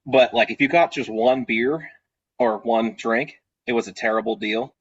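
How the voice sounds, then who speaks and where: On a video call, a party rental business owner with a slightly husky, mid-range voice swaps tips and tells stories at normal speed. His casual, rambling style is full of fillers, restarts, and asides, and the audio sounds a little dull and muffled.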